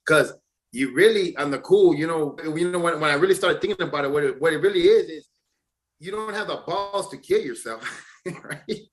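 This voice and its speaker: A man in his forties, a former prisoner telling his story in an interview in a profane, rambling way with stammered restarts. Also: on the high side. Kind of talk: casual storytelling.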